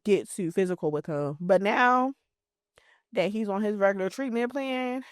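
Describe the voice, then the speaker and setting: A woman's voice: mid-range voice, moderate pace, no echo, clean studio sound. A woman in her thirties chatting casually as a podcast co-host, telling family stories and acting out what people said. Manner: animated storyteller, acts out quotes in lively voices. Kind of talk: casual chat.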